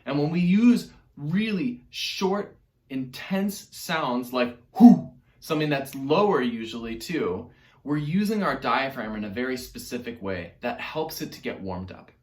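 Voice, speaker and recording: A man's voice: mid-range voice, expressive, measured pace, reverberant. A man teaching an online music lesson to children in a playful, encouraging way.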